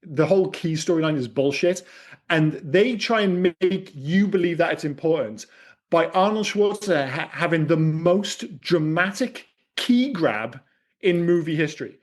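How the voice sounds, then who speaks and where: A man's voice: fairly high pitch, expressive, moderate pace. A man on a film podcast, ranting and swearing casually as he picks apart a movie. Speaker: podcast host. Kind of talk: casual film-review chat.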